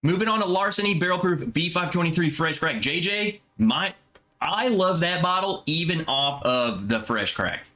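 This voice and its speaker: Lively bright-voiced young man chatting. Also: fairly high pitch. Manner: relaxed, chatty, drawn-out musing. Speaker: livestream host. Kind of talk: casual live chat reading comments.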